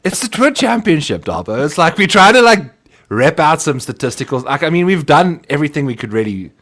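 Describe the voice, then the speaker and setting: A man's voice: on the high side, very animated, fairly quick, fairly bright tone. A man from Africa, co-hosting a podcast in casual, teasing banter. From South Africa. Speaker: podcast co-host. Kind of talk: casual chat.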